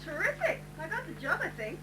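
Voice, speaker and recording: A woman's voice: extremely high pitch, sing-song, brisk. A woman playing a cheerful partner in an amateur stage sketch, asking eager questions. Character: cheerful woman asking her partner about his day. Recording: noisy, echoey live stage recording from a distance.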